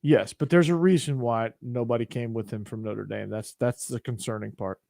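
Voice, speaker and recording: A man's voice: mid-range voice, fairly even intonation, moderate pace, vocal fry, dark tone, no echo, clean studio sound. A young man hosting a podcast, giving opinions in a rambling, casual way. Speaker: podcast host. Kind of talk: casual chat.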